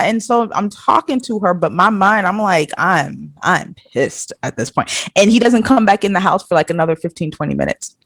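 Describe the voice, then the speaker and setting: An animated, swearing young woman from Nigeria tells a dating story on a podcast, her pitch swinging widely as she acts out each quote. The recording is dry and close, with no room sound. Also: normal speed, dry recording. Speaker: podcast co-host. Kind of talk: casual storytelling chat.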